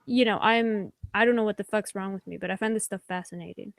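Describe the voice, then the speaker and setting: A woman's voice: mid-range voice, fairly even intonation, fast talker, creaky, no room sound. A woman hosting a casual online group chat, chatty and apologetic, filling her speech with "like.". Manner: chatty, apologetic, many likes. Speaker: host.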